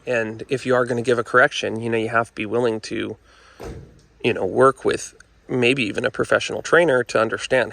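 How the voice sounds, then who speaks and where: A man's gravelly voice with a pressing, forceful edge carries a down-to-earth dog training talk. He speaks earnestly and keeps coming back to "folks" and "you know" as he explains. He sounds like a trainer talking straight to the camera. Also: medium pitch, steady tone, fairly quick. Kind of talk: casual instructional talk to camera. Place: indoors with dogs nearby.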